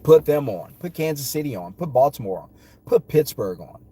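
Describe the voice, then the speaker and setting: A man's voice: medium pitch, lively intonation, normal speed, warm tone, slightly rough. A man vlogging his opinions on sports, talking in emphatic, punchy, repeated phrases while in a car. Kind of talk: casual opinion rant.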